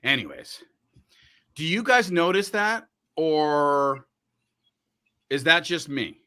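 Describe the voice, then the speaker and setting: Bright-voiced radio host, animated chat. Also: male voice, on the high side, slow. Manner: animated, joking, talks while eating. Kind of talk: casual livestream chat.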